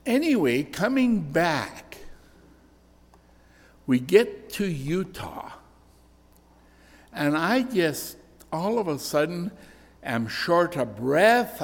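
Older guy preaching, earnest story-telling sermon, slow, big church reverb. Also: a little high. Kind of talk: sermon with personal testimony. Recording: echoey church hall reverb.

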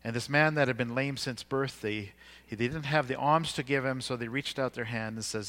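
A man's voice: medium pitch, normal speed, a bit bright. A man preaching a sermon, retelling scripture in everyday words with fillers and restarts.

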